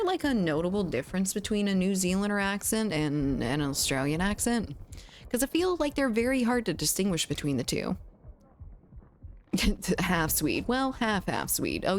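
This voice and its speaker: A woman's voice: lowish voice, slight background noise. A woman with a Southern US accent streaming a game, chatting playfully and reading chat aloud. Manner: chatty and playful, with frequent laughs. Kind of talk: casual chat while gaming, reading chat aloud.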